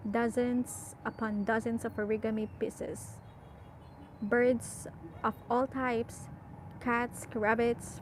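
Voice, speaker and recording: A woman reading a novel aloud, with measured, softly expressive storytelling. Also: fairly high pitch, slight background noise, low-quality recording. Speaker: audiobook reader.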